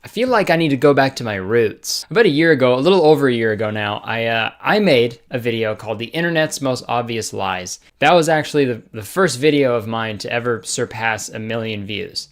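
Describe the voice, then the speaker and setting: A man's voice: mid-range voice, lively intonation, fairly quick, hardly any pauses. Sarcastic young man riffing on camera. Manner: sarcastic, swears, laughs often. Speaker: comedy video host. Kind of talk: casual comedic commentary.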